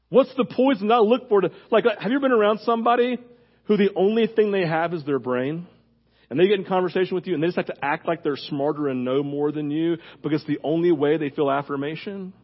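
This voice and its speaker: A man preaching a conversational sermon as pastor, animated and casual, full of fillers, his voice leaping up when he gets fired up. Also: high-pitched, husky, dull audio.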